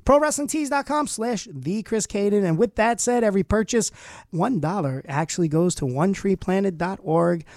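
A man's voice: high voice, normal speed, a little mellow, dry recording. A man hosting a radio show, bantering playfully and plugging his merchandise in the studio. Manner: playful, laughs often, plugs merchandise. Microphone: studio microphone.

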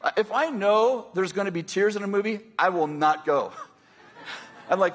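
Husky high-voiced American preacher. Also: male voice, normal speed, fairly bright tone. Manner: conversational, joking, checks in with the audience. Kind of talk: sermon.

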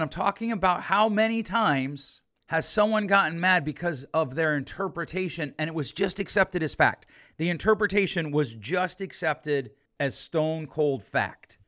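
A man's voice: a little high, bright, forceful tone. A man, a therapist, talking through a podcast monologue with emphasis and repeated points.

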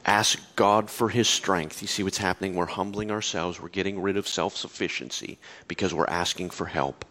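A middle-aged pastor preaching a sermon, moving from quiet storytelling to impassioned, soaring appeals and then to soft, hushed reassurance. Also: male voice, sits low, steady tone, moderate pace.

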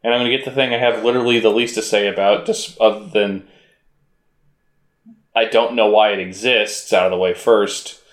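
A man with a fairly low voice co-hosts a casual chat. He sounds laid-back and wry, with casual swearing. His mic picks up a roomy echo. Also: fairly even intonation, moderate pace. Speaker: podcast co-host.

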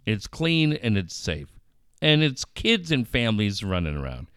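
A middle-aged man telling a story in casual chat, animated and crude. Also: lowish voice, measured pace, clear, resonant tone, no room sound, clean studio sound.

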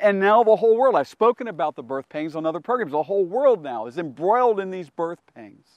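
A man hosting a Bible teaching program. He preaches with passion, swings from loud to hushed, and often repeats words as he restarts. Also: high-pitched, no room sound. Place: outdoors among people in a public place.

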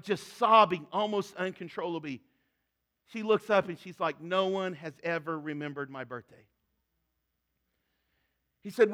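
A man's voice: high voice, bright, forceful tone. A man preaching a sermon, retelling a story with quoted voices before reading scripture. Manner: storytelling, acting out quoted speakers. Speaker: pastor.

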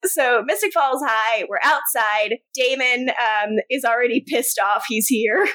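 Female podcast co-host, higher voice, breezy recap chat, quick to laugh. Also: pushed and bright. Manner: laughs often, chatty, retells scenes. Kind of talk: casual TV episode recap.

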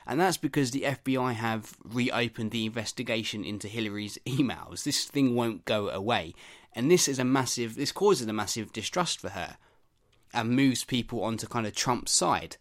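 A man hosts a comedy news podcast in a casual, wry tone. He chats along with a sarcastic edge in an ordinary mid-pitched voice. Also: a bit bright. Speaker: podcast host. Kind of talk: casual topical commentary.

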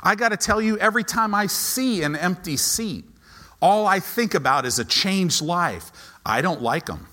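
Animated preacher with a lively voice. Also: male voice, high voice, moderate pace. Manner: animated, dramatic shifts between hushed and shouted. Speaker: pastor. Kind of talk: sermon. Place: church sanctuary.

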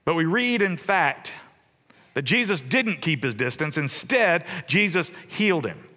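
Bright-voiced man preaching in a reverberant hall. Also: on the high side, very animated, unhurried. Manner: conversational storytelling, swings loud and soft. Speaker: pastor. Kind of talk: sermon. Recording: long reverb of a church hall.

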